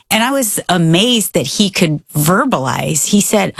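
A woman's voice: medium pitch, expressive, moderate pace, vocal fry, hardly any pauses, breathy edge, no echo, clean studio sound. A mother telling a family story in casual conversation, acting out her children's words as she goes. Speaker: co-host, mother.

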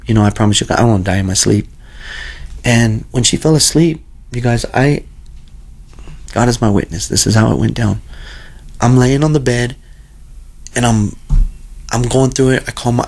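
Earnest man with a gravelly voice. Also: mid-range voice. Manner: earnest, rambling, repeats phrases. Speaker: guest telling a personal story. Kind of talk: casual storytelling.

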